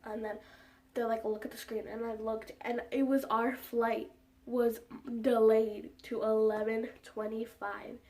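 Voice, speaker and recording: A young woman with a somewhat high voice tells a casual storytime to her followers, rambling with plenty of "like" and fillers. She sits a little back from the mic, so her voice sounds slightly distant. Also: little pitch movement, measured pace, mellow. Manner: rambling, heavy use of "like" and fillers. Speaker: vlogger.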